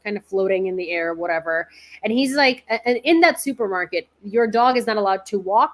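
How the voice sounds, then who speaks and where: Woman, mid-pitched, loose and chatty news commentary host, lots of "um" and "like". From Ukraine. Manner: chatty and informal, many fillers. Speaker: independent reporter and host. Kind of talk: casual news commentary livestream.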